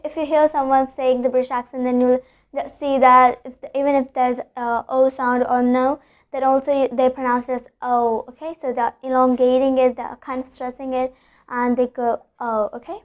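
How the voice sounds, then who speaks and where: In a high-pitched voice, a woman teaches an English pronunciation lesson. She explains the rules, repeats each example word, and frequently checks in with "okay?"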